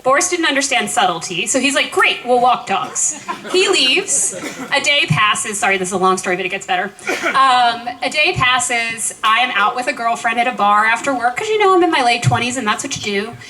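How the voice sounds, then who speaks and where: Woman in her forties, bright voice, slightly high, chatty memorial storyteller. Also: a little fast, poor audio. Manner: lively, chatty, self-deprecating storyteller. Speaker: eulogist.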